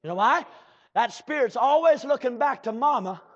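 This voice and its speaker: A man preaching a fiery sermon, breaking into shouts and slow drawled asides and calling out to the congregation. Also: very high voice, animated. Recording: dull lo-fi church recording.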